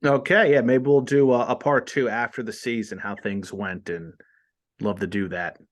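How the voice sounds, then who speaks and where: A man in his forties hosting a casual podcast at a mid-range pitch. He rambles from one thought to the next and pokes fun at himself as he goes. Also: fairly even intonation, normal speed. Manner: rambling, self-deprecating, laughs at himself. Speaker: podcast host.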